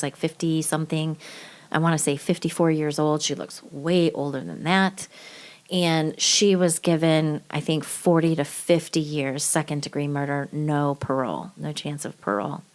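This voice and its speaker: A woman hosting a true-crime podcast, talking casually and bluntly, swearing freely with lots of fillers. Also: low-pitched. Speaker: podcast host.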